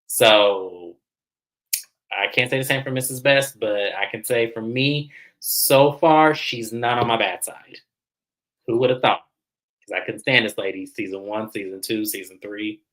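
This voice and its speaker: A man's voice: lowish voice, a little slow, fairly bright tone, low-quality recording. A man hosting a casual TV recap, chatty and dramatic, talking straight to his viewers. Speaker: host.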